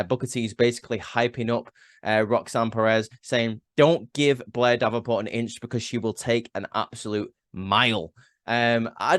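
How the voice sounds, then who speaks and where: Male reviewer, mid pitch, casual and opinionated, dry close sound. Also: no echo. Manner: rambling, frequent "um" and restarts, opinionated. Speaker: wrestling show reviewer.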